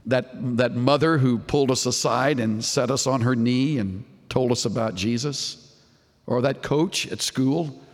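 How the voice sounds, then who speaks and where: A man preaching a sermon, earnest and searching, asking his listeners rhetorical questions and dropping low on the tag questions. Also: unhurried, in a large hall.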